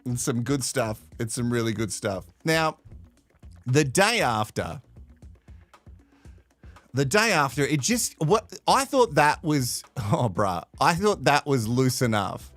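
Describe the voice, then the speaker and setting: A man's voice: mid-range voice, sing-song, slow, a bit bright, no room sound, soft background music. A man hosting a live reality-show recap, swearing, sarcastic and laughing often. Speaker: host.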